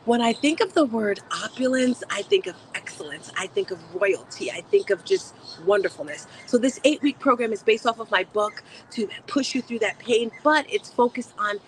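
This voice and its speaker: A woman's voice: a little high, animated, normal speed, few pauses, slight background noise, low-quality recording. A woman hosting a motivational live stream, chatting upbeat and speaking straight to her viewers. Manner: upbeat, chatty, talks to chat. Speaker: host.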